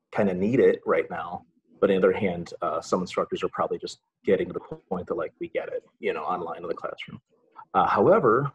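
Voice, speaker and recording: A man's voice: sits low, husky, poor audio. A middle-aged man, a college English instructor, giving a casual webinar presentation in a chatty way, full of filler sounds and dry sarcastic asides.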